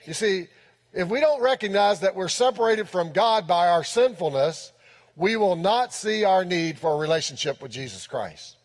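A pastor preaching a sermon in church, emphatic and often repeating his key phrases. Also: high-pitched. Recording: long reverb in a church hall.

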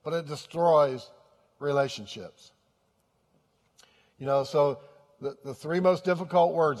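Male pastor, higher register, earnest and repetitive delivery, reverberant hall. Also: measured pace, long pauses, a little mellow. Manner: earnest, repeats phrases for emphasis. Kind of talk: sermon.

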